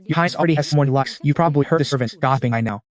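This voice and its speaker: A man's voice: mid-range voice, very fast, lightly acted. A man voicing an aloof, arrogant young crown prince who talks in a cool, dismissive way.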